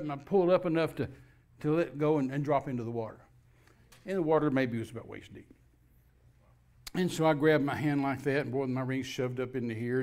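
A minister telling a lively personal story as a talk show guest, acting out the scenes as he goes. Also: fairly high pitch. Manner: animated storyteller, acts out scenes.

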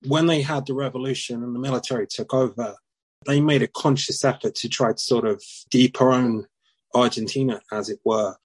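A man interviewing, asking a question in measured, hedging phrasing. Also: mid-range voice, steady tone, breathy edge, no echo.

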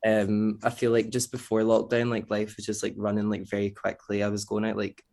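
A young man with a Scottish accent talks about his music as a podcast guest. His voice sits low with a gravelly fry, and his speech wanders with plenty of fillers. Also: a little fast. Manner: relaxed and rambling, heavy on fillers. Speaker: guest, producer and DJ. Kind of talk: casual podcast interview.

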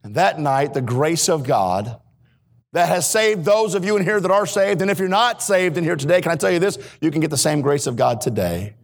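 A male missionary preaching in a church, his voice pitched high with a gravelly edge. He moves between quiet, earnest moments and emphatic, raised passages, speaking straight to the congregation. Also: lively intonation, fairly quick. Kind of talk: sermon. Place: church sanctuary.

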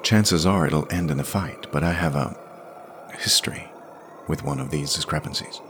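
A man doing a dry, deep-voiced tough woman. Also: normal speed, fairly bright tone, a little hiss or hum. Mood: wry.

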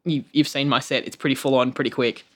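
An Australian stand-up comedian telling lively, profane stories in casual conversation, often jumping up high to act out quotes. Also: quick pace. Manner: animated, swears freely, jumps into high-pitched acted quotes.

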